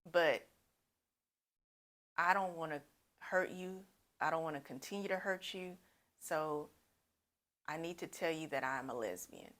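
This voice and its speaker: A young lesbian woman speaking earnestly and directly, her voice low and full, as a woman acts her out. She is candid, pleading to be understood. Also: a bit bright.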